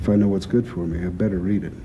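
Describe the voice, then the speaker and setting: An actor playing an older crime boss with a gruff, gravelly, blunt and profane way of talking, in a film scene. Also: male voice, sits low, fairly even intonation, very fast, dark tone, a little hiss or hum, close to an everyday voice. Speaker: crime boss planning a heist. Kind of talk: film dialogue.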